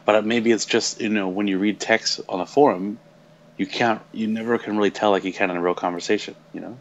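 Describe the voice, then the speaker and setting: A man's voice: on the low side, steady tone, muffled recording. A man co-hosting a casual stream show, talking in a hesitant, hedging way. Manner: hesitant, measured, lots of hedging. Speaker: co-host.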